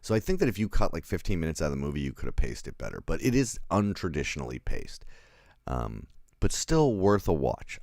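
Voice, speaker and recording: Very deep-voiced rambling man. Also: gravelly, a little mellow, dry recording, studio quality. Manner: rambling, chuckling, answering live chat. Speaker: film reviewer. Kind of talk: casual livestream review.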